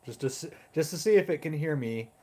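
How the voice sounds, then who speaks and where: A man's voice: fairly high pitch, lively intonation, fairly quick, warm tone. A man playing a tabletop game, speaking hesitantly and thoughtfully with many fillers. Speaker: player.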